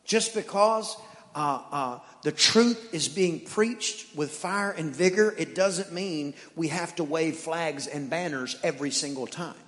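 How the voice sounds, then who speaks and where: A man who is a pastor, preaching a sermon in an animated storytelling manner that moves from playful to earnest. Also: on the high side, measured pace, in a large hall.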